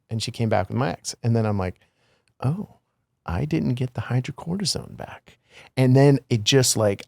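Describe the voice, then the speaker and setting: A man's voice: mid-range voice, vocal fry, no echo, studio quality. A middle-aged man co-hosting a casual podcast, telling a candid personal story with lots of fillers and asides. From United States. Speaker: podcast co-host.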